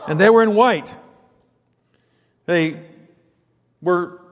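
A man's voice: high-pitched, very slow. A man preaching an expository sermon in a conversational way, thinking aloud with frequent restarts. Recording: long hall reverb.

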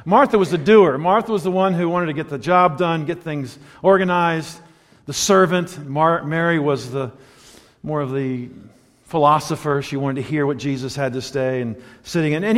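A man preaching a sermon, telling a story and moving between loud emphatic points and hushed quiet passages. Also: a little high. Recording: long reverb of a large hall.

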